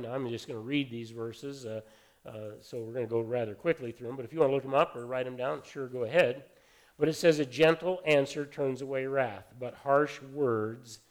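A middle-aged man giving a sermon as pastor, talking in a relaxed, anecdotal way with frequent fillers. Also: on the high side.

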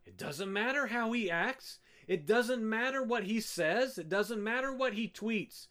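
A man delivering a sermon from the pulpit. His voice sits high and swings widely in pitch as he presses the congregation with pointed rhetorical questions. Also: unhurried. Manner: rhetorical questions, emphatic and animated. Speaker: pastor.

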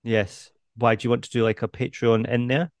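A man's voice: mid-range voice, level tone, moderate pace, dry recording. A male comedian co-hosting a podcast over a video call, easygoing and dry, chuckling along. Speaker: comedian co-host. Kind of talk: casual podcast banter.

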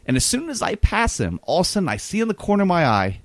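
A man's voice: high-pitched, wildly swooping pitch, no room sound. A man telling a rambling, self-deprecating travel story in a casual podcast chat. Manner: rambling, self-deprecating, quick anecdotal delivery.

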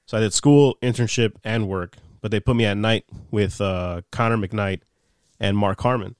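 A young man with a fairly low voice speaks at normal speed in a clean, echo-free studio recording. A former sports radio producer appearing as a podcast guest, he animatedly tells casual stories from his radio days, swearing freely and acting out what people said.

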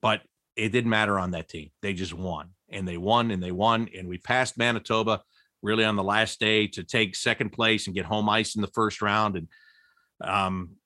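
A man telling old team stories in an interview, laughing often and jumping high in pitch when he quotes people. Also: normal speed, no echo, studio quality. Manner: animated, laughing storyteller with big pitch jumps when quoting. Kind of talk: storytelling interview.

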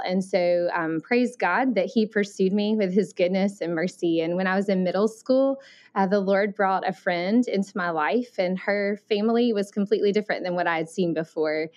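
A woman in her forties from Alabama with a Southern accent, telling her story as an interview guest in an earnest, thoughtful way with many pauses and ums. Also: medium pitch, a little mellow. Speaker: missionary guest.

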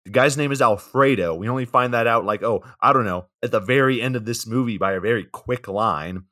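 A man's voice: mid-range voice, fairly quick, bright, forceful tone. A young man co-hosting a podcast, recapping a movie's plot in a laid-back way with fillers and side comments.

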